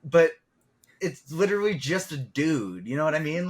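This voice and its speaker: A man's voice: on the high side, lively intonation, moderate pace. A man in a casual podcast chat, rambling and hedging as he talks. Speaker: podcast co-host.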